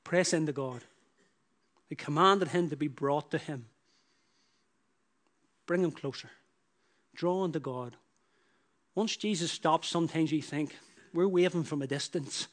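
Guy preaching, kinda high voice, keeps repeating lines and pushing them louder. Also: a little slow, pauses often. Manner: emphatic, repetitive preaching with rising bursts. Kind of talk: sermon.

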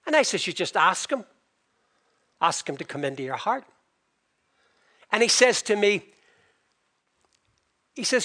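An older man preaching a sermon with passion, slowing for emphasis and swinging between loud and soft. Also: sits high, big pitch swings.

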